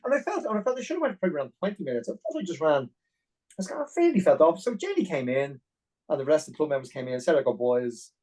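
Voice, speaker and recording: A middle-aged Irish man telling a long personal story as a podcast guest, animated and full of detail. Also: fairly high pitch, poor audio. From Ireland. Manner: animated, fast-paced anecdotal storytelling. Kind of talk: storytelling interview.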